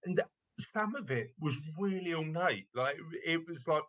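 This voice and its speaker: Playful podcast host. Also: male voice, fairly high pitch, animated, normal speed, a bit bright, dull audio. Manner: playful, teasing, laughs often. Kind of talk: casual chat and show introduction.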